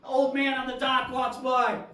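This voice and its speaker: A man doing solo stand-up storytelling on a theater stage, animated and acting out his family, sometimes shouting punchlines. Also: very high voice, a little slow, heavy background noise. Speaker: stand-up comedian. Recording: echoey room, voice from far off.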